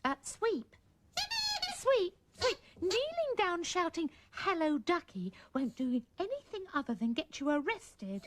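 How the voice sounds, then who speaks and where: A woman's voice: very high-pitched, sing-song, measured pace. Coaxing woman presenting a puppet show. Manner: gentle, coaxing, talks to puppets like small children. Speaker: children's TV presenter. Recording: old VHS tape with music and hiss.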